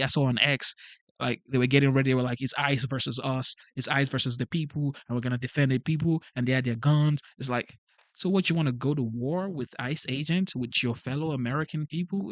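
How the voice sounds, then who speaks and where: Reading out the live chat on his laid-back stream, this immigrant host pleads earnestly and keeps repeating himself. English is not his first language. His pitch is medium and the recording is dry.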